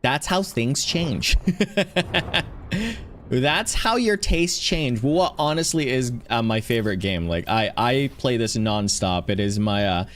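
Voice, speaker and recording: Chatty man streaming a game, lively voice. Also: medium pitch, slight background noise. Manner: chatty, rambling, greets chatters by name. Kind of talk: casual chat while playing.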